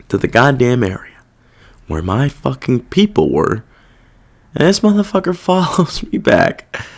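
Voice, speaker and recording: Hosting a solo podcast, a man with a medium-pitched, fairly bright voice goes off on a casual, cursing rant. He's clearly annoyed, wanders off topic, and loses his train of thought along the way.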